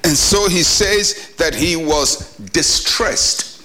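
Pastor, male, middle-aged, slightly high voice, earnest and emphatic preaching, rhetorical questions. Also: lively intonation, slow pace, pushed and bright. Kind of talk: short devotional sermon.

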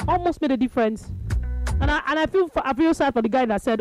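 High-voiced woman calling a football match. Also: fast talker, faint music behind. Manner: excitable, thinks aloud, rises to shouts at big moments. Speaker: radio football commentator. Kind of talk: live match commentary on radio.

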